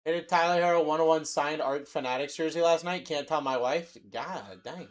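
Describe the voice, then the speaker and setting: A young man with a slightly high voice hosts a card-break livestream. He chats casually and jokes between the cards he calls out. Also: brisk. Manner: loose, joking banter while calling out cards. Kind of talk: casual live-stream chat.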